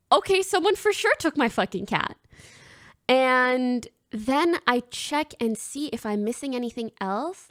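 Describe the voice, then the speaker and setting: A woman's voice: medium pitch, no echo, studio quality. A young woman streamer casually telling her chat a story, swearing freely and acting out what people said. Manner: animated, swears freely, acts out quoted lines.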